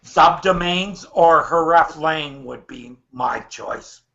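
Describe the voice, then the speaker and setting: Man, high voice, slow, sardonic, dull call audio. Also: creaky, sharp tone. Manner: blunt, sardonic, crude asides. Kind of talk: casual group chat over a call.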